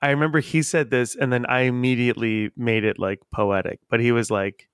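Smooth-voiced man hosting a chat. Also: mid-range voice, steady tone, a little fast, dry recording, clean studio sound. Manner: chatty, laughs easily, playful. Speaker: podcast host. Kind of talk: casual chat.

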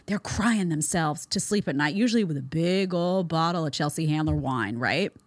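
A woman's voice: low voice, animated, normal speed, no room sound. A woman in her thirties hosting a commentary show, blunt and sarcastic in her opinions. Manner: blunt, sarcastic, mocking voices in quotes.

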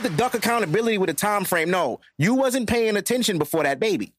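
A man's voice: high-pitched, big pitch swings, quick pace, hardly any pauses, a bit bright, no echo, clean studio sound. A man in his thirties hosting a podcast, talking bluntly and profanely in casual chat. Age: 30s. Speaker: podcast host.

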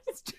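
A woman co-hosting a podcast, chatting casually with laid-back, dry asides. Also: dry recording. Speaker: podcast co-host. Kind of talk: casual recap chat.

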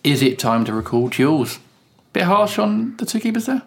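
A man with a posh Kent accent hosting a football podcast, genial and quick to laugh. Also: on the high side, very animated, gravelly. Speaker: podcast host.

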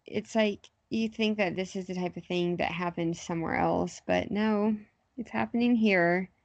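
A woman's voice: lowish voice, fairly even intonation, normal speed, vocal fry, no echo, lo-fi sound. A young woman talking politics casually in a hesitant, wry way, with many fillers.

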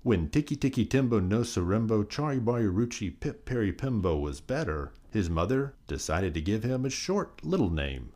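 A man reading a children's folk tale aloud in a sing-song, expressive storyteller's manner. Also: on the low side, normal speed, hardly any pauses.

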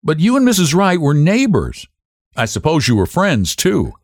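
A man's voice: fairly high pitch, huge pitch swings, moderate pace, no room sound, clean studio sound, voice pushed up, exaggerated voice. Man doing a smug young attorney. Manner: smug, patronizing. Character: smug young male county attorney, politician.

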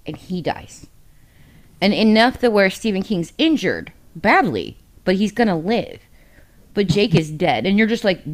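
This podcast co-host speaks in a mid-range, animated voice, a little slowly and with frequent pauses. She's candid and emotional in a casual book discussion, cursing heavily and wandering off with filler words.

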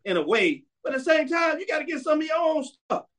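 High-voiced blunt man hosting a sports show. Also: very animated, a little fast, a loud crowd. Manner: blunt, emphatic, repeats commands. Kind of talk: opinionated casual commentary.

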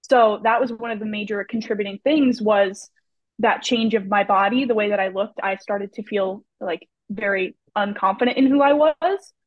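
As a podcast guest, this young personal trainer chats openly in a mid-range voice at a moderate pace, frequently saying "like" and "you know." The casual talk is captured in dull lo-fi with no room sound at all.

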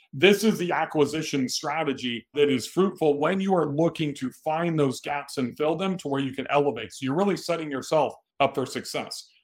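A man talks straight into the mic on his own podcast, coaching listeners in a direct, plain-spoken way. His voice sits at an ordinary middle pitch, neither low nor high. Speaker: podcast host. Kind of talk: solo podcast advice talk.

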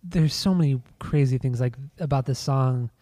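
A man's voice: mid-range voice, normal speed, warm tone, no room sound, studio quality. A man co-hosting a casual music podcast, talking loosely, swearing and trailing off mid-thought. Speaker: podcast co-host. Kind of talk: casual chat about music.

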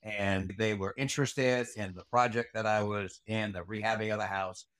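A middle-aged retired Army Ranger staff sergeant tells a long story in a casual interview, rambling with fillers, restarts, and lots of swearing. His voice is lowish and a bit bright, with fairly even intonation at a normal speed. There's no room sound.

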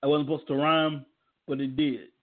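A man rambles through wrestling talk and ad reads in an emphatic, loose way. His voice sits a little high. The audio is thin and tinny, like it came over a phone line. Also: flat delivery, normal speed. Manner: loose, emphatic, repetitive rhetorical questions. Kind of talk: casual commentary with ad reads.

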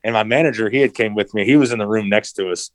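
A man's voice: lowish voice, fast talker, no room sound, rough recording. A man in a casual interview who tells a story with animation, acts out quotes and swears freely. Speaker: interview guest, racing driver.

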